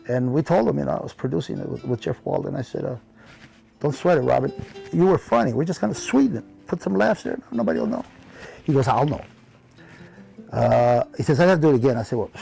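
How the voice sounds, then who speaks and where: A man with a heavily gravelly, dark-toned voice recalls old friends in a reflective interview. He talks in a loose, heartfelt way, leaning on "you know" and slipping into the voices of people he remembers. Faint guitar plays softly underneath. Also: medium pitch. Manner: acts out remembered dialogue in his telling. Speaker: interview guest, comedian. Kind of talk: reflective storytelling in conversation.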